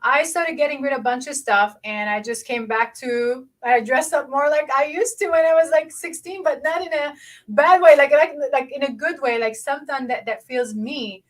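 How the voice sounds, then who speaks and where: A woman originally from Lebanon hosts a podcast interview, her voice sitting a little high. She talks in a loose, personal, chatty way, with plenty of "like" and "you know". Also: moderate pace, poor audio. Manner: chatty and personal, many fillers. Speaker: podcast host. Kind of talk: conversational interview.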